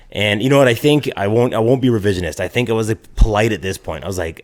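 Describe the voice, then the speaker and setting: A podcast co-host from Canada, chatting casually and swearing, full of "like" and laughing mid-story. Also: male voice, on the low side, fast.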